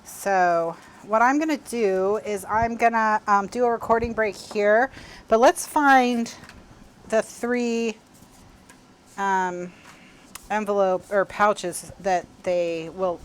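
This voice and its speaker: A woman's voice: mid-range voice, slow, clean tone. A woman hosting a casual crafting livestream from home, chatty and apologetic, laughing often.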